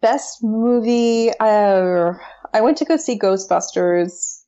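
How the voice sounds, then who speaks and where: A woman's voice: mid-range voice, slow, dark tone, clear, resonant tone, lo-fi sound. A woman guest talking in an enthusiastic, chatty way on a podcast, with plenty of fillers. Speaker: interview guest, brand strategist. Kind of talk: casual podcast conversation.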